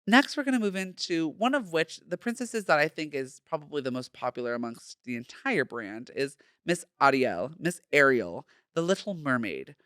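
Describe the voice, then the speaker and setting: A man's voice: mid-range voice, fairly bright tone, clean tone, dry recording, clean studio sound. A man in his thirties hosting a casual solo podcast, sassy and playful, full of slang. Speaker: podcast host.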